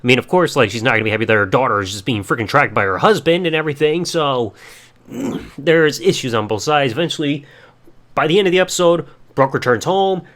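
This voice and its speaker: A man's voice: medium pitch, lively intonation, fairly quick, fairly bright tone. Rambling young man reviewing a show. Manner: rambling, swears casually. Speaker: podcast host. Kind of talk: casual solo review podcast.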